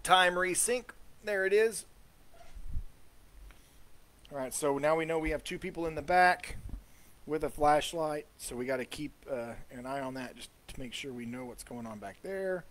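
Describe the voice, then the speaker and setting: Higher-voiced man hosting live ghost-hunt commentary. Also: moderate pace, a bit bright. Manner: chatty, trailing off with fillers. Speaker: host.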